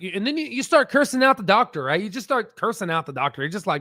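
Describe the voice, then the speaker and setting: A man's voice: high-pitched, animated, quick pace, hardly any pauses, bright, forceful tone, no echo, clean studio sound. A man hosting a stock research channel, explaining in a rambling, profane, casual way and laughing at his own jokes, talking from a standing desk.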